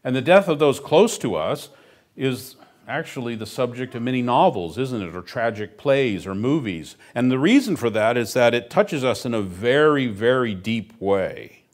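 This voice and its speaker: A man's voice: mid-range voice, lively intonation, moderate pace. A middle-aged man preaching a sermon as pastor, emphatic and earnest, with dry humorous asides.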